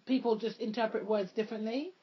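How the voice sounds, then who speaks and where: A woman's voice: a little high, steady tone, quick pace, breathy edge. A woman co-hosting a podcast in casual chat, laughing often and swearing casually. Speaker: podcast co-host. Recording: dull lo-fi podcast recording.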